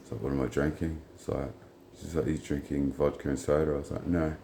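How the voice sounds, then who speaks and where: A man's voice: very deep voice, fast talker, creaky, echoey room, a little hiss or hum. A man telling a rambling, blunt, profane story in casual monologue. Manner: blunt, profane, rambling, retells dialogue in flat quotes. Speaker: vlogger.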